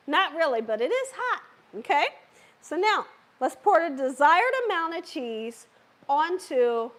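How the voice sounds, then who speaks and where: A woman's voice: sits high, a bit bright. A woman hosting a live cooking stream, chatting playfully with her viewers and the live chat and laughing as she cooks. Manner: playful, laughs and cheers herself on. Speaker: cooking show host.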